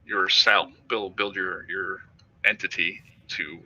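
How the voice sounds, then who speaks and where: A man's voice: low-pitched, fairly even intonation, slow pace, pushed and bright, lo-fi sound. A man co-hosting a stream, chatting loosely and enthusiastically about a game. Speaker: stream co-host. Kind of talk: casual game commentary.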